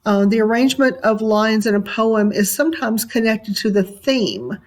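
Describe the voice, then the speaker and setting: A woman teacher giving a recorded lesson, talking in a relaxed way with many ums and uhs. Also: mid-range voice, moderate pace.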